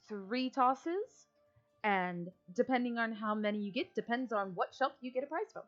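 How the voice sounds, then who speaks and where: A woman's voice: fairly high pitch, animated, moderate pace, highs cut off, soft background music. A woman running a tabletop game as game master, talking casually with many fillers.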